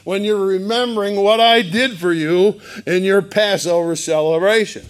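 A man preaching a sermon, emphatic and animated, with bursts of loud emphasis. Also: high voice, normal speed, hardly any pauses. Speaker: pastor.

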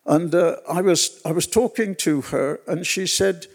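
A man preaching a sermon at a church gathering, telling personal stories in an unhurried way and repeating phrases for weight. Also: high-pitched, gravelly. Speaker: pastor.

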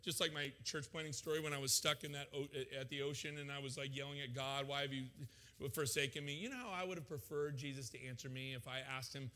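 A male pastor preaching a sermon in an animated, casual, joking way in a church hall. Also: mid-range voice, quick pace, few pauses. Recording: long hall reverb.

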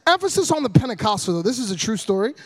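A man in his thirties giving a humorous sermon as a guest preacher, loud and animated, joking with the congregation. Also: sits high, racing.

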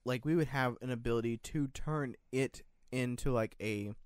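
A man's voice: medium pitch, normal speed, smooth, dry recording, clean studio sound. A young man from the United States chatting casually, rambling and hedging, with frequent restarts and casual swearing. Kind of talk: casual chat.

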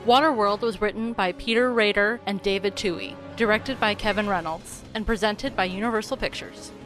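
A woman's voice: medium pitch, a little fast, a bit bright, soft background music. A woman co-hosting a podcast, chatting in an agreeable, conversational way. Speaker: podcast co-host. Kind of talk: casual chat.

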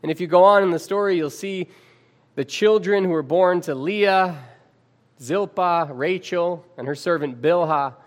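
A male preacher giving a sermon, reading scripture aloud with dramatic pauses and calling his listeners friends. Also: fairly high pitch.

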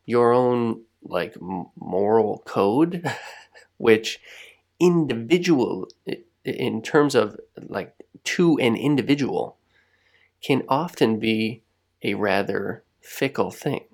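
A man co-hosting a podcast, talking in a reflective, rambling way with frequent restarts and soft laughs. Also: mid-range voice, lively intonation, slow pace, vocal fry. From United States. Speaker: podcast co-host. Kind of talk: reflective casual chat.

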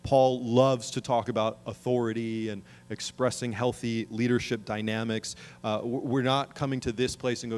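A middle-aged man preaches from the pulpit in an earnest, steady voice at an ordinary pitch. He builds to emphatic, urging calls and then settles back into plain explanation. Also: a little fast, hardly any pauses. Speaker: pastor. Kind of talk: sermon.

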